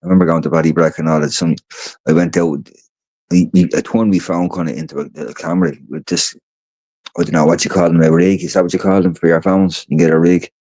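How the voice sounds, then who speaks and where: A man's voice: sits low, flat delivery, fast talker, mellow, dry recording. A tired Irish man hosting a livestream, telling stories in a loose, rambling way, swearing freely and repeating his words. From Ireland. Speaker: livestream host. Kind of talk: casual rambling storytelling. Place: indoors, home.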